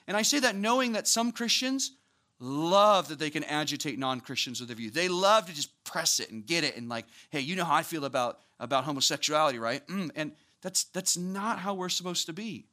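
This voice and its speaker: A young man preaching a sermon to a church audience, talking conversationally and building to animated emphasis. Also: sits high, moderate pace. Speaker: pastor.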